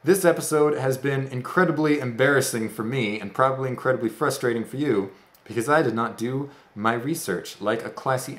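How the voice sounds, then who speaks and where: A man's voice: medium pitch, fairly bright tone, reverberant. A man hosting a let's play, giving casual gameplay commentary with rambling, self-deprecating, goofy asides.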